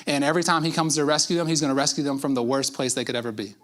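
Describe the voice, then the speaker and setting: A pastor voicing a calm, soft-spoken God. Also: male voice, a little high, very fast, lightly acted. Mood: calm certainty. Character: calm, matter-of-fact male God.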